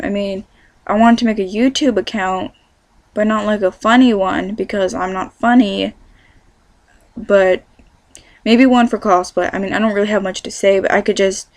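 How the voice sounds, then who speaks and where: A woman's voice: medium pitch, a little mellow, no echo. A chatty young woman with a Californian accent talks casually to camera, wandering from thought to thought and correcting herself as she goes. She is a vlogger in her teens, recording in her bedroom with a dry, close sound. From California, USA. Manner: chatty and rambling, many fillers and self-corrections.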